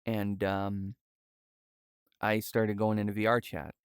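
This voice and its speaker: Streamer, young man, low clear voice, slow and halting, soft-spoken, dry close sound. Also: little pitch movement, no echo. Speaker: livestreamer. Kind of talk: casual livestream chat. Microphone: VR headset setup.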